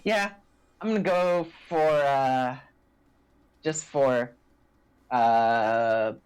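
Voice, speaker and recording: A woman's voice: extremely low pitch, very slow, darkish tone, smooth. A woman playing a tabletop game, describing her moves in a hesitant way with many fillers. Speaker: player. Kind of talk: casual tabletop play.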